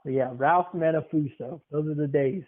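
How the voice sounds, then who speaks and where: Young male podcast host, playful teaser, higher voice, phone-quality audio. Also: moderate pace. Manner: teasing, joking storyteller. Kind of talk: casual podcast chat. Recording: tinny phone-like sound.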